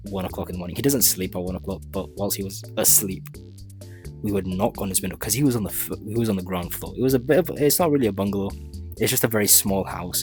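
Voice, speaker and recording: Young man telling an animated story. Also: on the low side. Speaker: vlogger. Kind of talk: storytime vlog.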